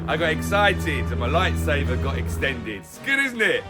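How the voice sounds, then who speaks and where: A man's voice: fairly high pitch, normal speed, hardly any pauses, over music. Playful man hosting a weather vlog. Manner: playful, goofy, self-mocking, excitable asides. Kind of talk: jokey casual weather update. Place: bedroom at home.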